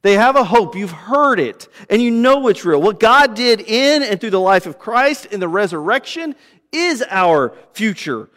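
A man preaching a sermon as pastor, swinging from loud emphasis to hushed, low passages. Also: very animated, unhurried, big-room sound.

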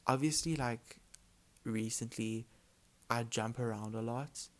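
A man's voice: mid-range voice, slow. A young man hosting his own podcast, rambling in casual chat full of filler words and tending to mumble his words together. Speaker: podcast host.

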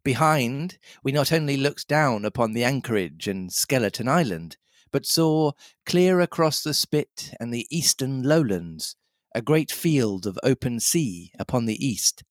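A man co-hosting a casual podcast, reading a novel aloud in a measured storytelling way. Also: mid-range voice, animated, no room sound, studio quality. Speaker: podcast co-host and reader.

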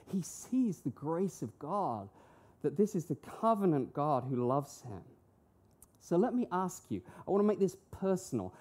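A woman delivers a sermon in a warm, mellow, fairly low voice. Her pitch rises and falls with animated emphasis as she fires off rhetorical questions and acts out short quotes. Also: slightly rough. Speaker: preacher.

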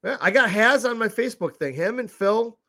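A man's voice: extremely high pitch, expressive, fairly quick, pushed and bright. A man co-hosting a casual talk show, blunt and swearing freely as he chats. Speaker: podcast co-host. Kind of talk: casual profane banter.

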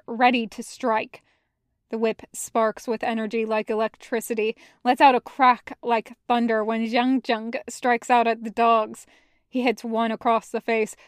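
Slow, smooth-voiced woman narrating. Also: fairly high pitch, no echo, clean studio sound. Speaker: podfic reader. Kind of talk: audiobook narration of fan fiction.

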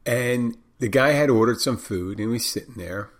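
An older man who tends bar tells a story from work in a loose, rambling way. He restarts his sentences often, and his talk is frank and salty. His voice sits at an ordinary pitch for a man. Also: normal speed. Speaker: bartender. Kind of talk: casual storytelling monologue.

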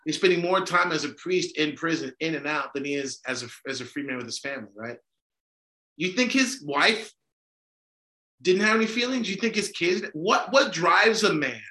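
A man's voice: a little high, animated, moderate pace, bright, forceful tone. A man co-hosting a podcast, talking emphatically and discursively, often checking in with "right?". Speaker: podcast co-host. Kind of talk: conversational discussion. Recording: echoey room.

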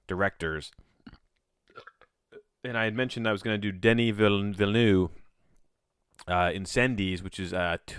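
This podcast host has a deep, slightly bright, clean-toned voice, recorded on a home mic with clean studio sound and no room noise. Talking solo and casually, he rambles in an offhand way, frequently cutting himself off mid-sentence.

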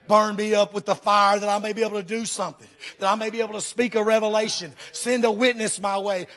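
A man preaches to his congregation, his voice pitched high for a man. He is fervent and emphatic and keeps putting questions straight to the church. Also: fairly even intonation, fairly quick, few pauses, a bit bright. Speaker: pastor. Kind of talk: sermon.

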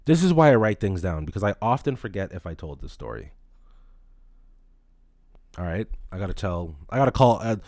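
A man's voice: fairly low pitch, sing-song, normal speed, pauses often, a little mellow, dry recording, studio quality. A man in his late twenties, a podcast host, telling a rambling, profane story in casual talk.

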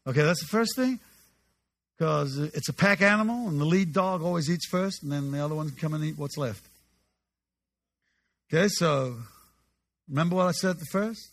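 A male pastor preaching with a humorous, animated storytelling manner, often restarting his sentences. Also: on the high side, moderate pace, long pauses. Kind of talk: sermon storytelling.

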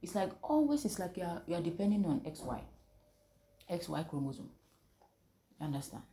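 A woman leads a Bible lesson and keeps asking her listeners questions so they answer back. Her voice sits low and sounds mellow and warm. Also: sing-song, a little fast. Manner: call-and-response, asks the listeners questions. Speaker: preacher. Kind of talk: interactive Bible teaching.

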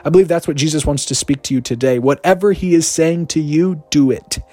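A man giving an energetic, joking podcast sermon, rushing through asides and then slowing down to repeat key lines. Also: fairly high pitch, no echo, faint music behind. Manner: energetic, joking, swings between rapid asides and slow emphatic repetition. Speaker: podcast preacher. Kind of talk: casual sermon.

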